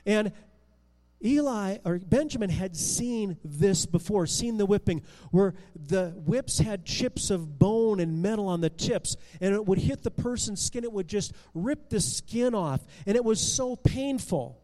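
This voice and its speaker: A male storyteller with a high voice recounts a Bible story with lively drama, stumbling into restarts and rising and falling in loudness. His voice carries a long reverb. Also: a little slow. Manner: expressive, with restarts and swings in loudness.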